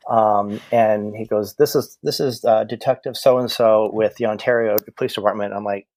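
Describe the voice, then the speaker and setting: Male guest, low voice, chatty anecdotal storyteller, dry close-mic read. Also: normal speed, no echo. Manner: animated, acts out quoted exchanges, many restarts. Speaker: medium, podcast guest. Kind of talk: casual storytelling chat.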